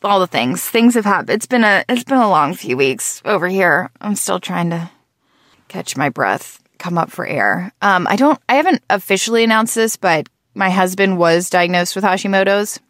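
A woman's voice: lowish voice, animated, normal speed, a bit bright, no echo, studio quality. Groggy-voiced woman chatting casually. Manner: chatty, rambling with frequent restarts and self-corrections. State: groggy morning voice. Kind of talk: casual conversational chat.

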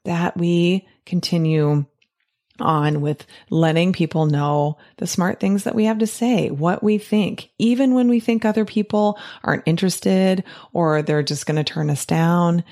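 A woman's voice: on the low side, unhurried, darkish tone. A middle-aged woman life coach reading a picture book aloud and reflecting on it, enthusiastic and emphatic, often checking in with "right?". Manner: enthusiastic and emphatic, tag questions.

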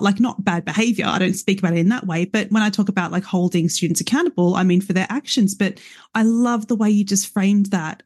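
A woman's voice: mid-range voice, darkish tone, no echo, studio quality. A woman hosting a podcast, talking in a passionate, affirming way. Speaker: podcast host. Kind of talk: casual interview conversation.

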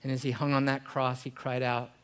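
A male pastor preaching a sermon in church, swinging from loud, emphatic passages to a hushed, prayerful voice. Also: medium pitch, flat delivery, fairly quick, clean tone.

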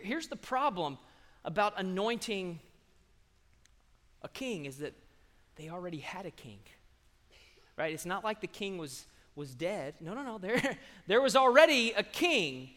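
A man preaching a sermon, telling the story conversationally with sudden surges in loudness. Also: fairly high pitch, long reverb tail. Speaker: pastor.

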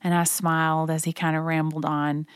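A woman recounts a personal memory in a low, soft voice. Her delivery is quiet and reverent, unhurried and reflective. The recording is dry and close, with no room around it. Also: flat delivery, smooth, dry recording. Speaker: narrator reading her own memoir. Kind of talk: personal storytelling narration.

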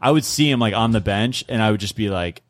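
A man's voice: on the low side, fast, dry recording. A man in his thirties, a comedian guest chatting casually on a podcast, rambling with many restarts. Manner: rambling, repeats and restarts, says dude a lot.

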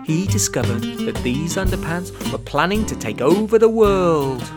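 A woman giving scripted narration of a comic children's story, expressive with deadpan asides. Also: fairly low pitch, moderate pace, loud music behind the voice. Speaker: audiobook narrator.

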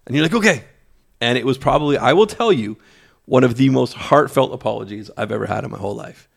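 A man co-hosting a casual office podcast, telling a lively story and acting out the lines of the people in it. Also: medium pitch, quick pace, gravelly, slightly rough. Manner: lively storyteller, acts out quotes. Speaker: podcast co-host. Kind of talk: casual chat. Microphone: studio mic in an office.

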